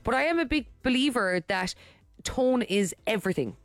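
A woman's voice: on the high side, lively intonation, normal speed, no echo. A woman with an Irish accent, co-hosting morning radio in chatty, earnest talk. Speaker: radio co-host. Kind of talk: casual chat.

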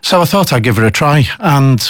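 A middle-aged man with a Liverpool accent, a chief executive guest on a radio interview, talking in a measured, thoughtful way with fillers. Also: mid-range voice, animated, no echo, clean studio sound. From England.

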